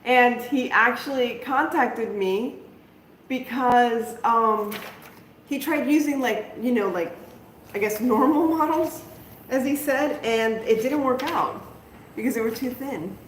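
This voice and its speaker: A middle-aged woman takes things slowly in a fairly high voice as she hosts a chatty, self-mocking crafting stream, laughing at her errors and talking to viewers at home and then outside. The audio has a roomy home echo along with faint background noise.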